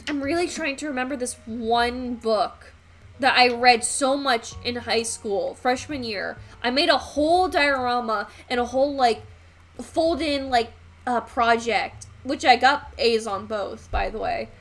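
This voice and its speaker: A young woman with a somewhat high voice chats a little slowly on a live stream while painting, faint music playing behind her. She rambles loosely, full of "um" and "like," and curses now and then.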